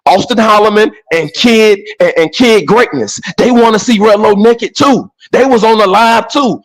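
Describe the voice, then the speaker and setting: A man's voice: high-pitched, moderate pace, hardly any pauses, low-quality recording. A man talking on an online panel in an emphatic, slangy way, repeating his points. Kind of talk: casual online panel chat.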